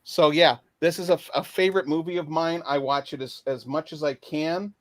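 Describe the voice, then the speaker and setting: A man's voice: on the high side, steady tone, brisk, no room sound. Hesitant man with a dry close sound. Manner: hesitant, many fillers and restarts. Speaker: guest picking favorite films. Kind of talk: casual online panel chat.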